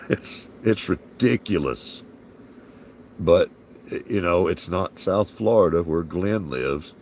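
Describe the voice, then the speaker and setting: A man's voice: sits low, takes it slowly, a little mellow, a little hiss or hum. A man with a Southern US accent rambling in folksy, chuckling casual chat as a livestream host. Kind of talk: casual live-stream chat.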